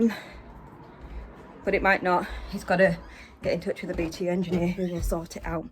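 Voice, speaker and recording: A woman's voice: on the low side, flat delivery, a little fast, pauses often, slight background noise. A British woman chatting casually in a home vlog, rambling and self-deprecating, with lots of fillers. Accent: British English. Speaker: vlogger. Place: at home indoors.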